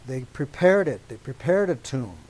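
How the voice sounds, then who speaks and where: A man preaching a teaching sermon to a congregation, deliberate and emphatic, stopping often to check that his listeners agree. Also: medium pitch, big pitch swings, darkish tone, low-quality recording.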